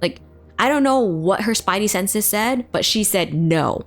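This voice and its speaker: A woman's voice: mid-range voice, lively intonation, measured pace. A woman vlogger telling a personal story in a casual, emotional way, full of fillers and swearing.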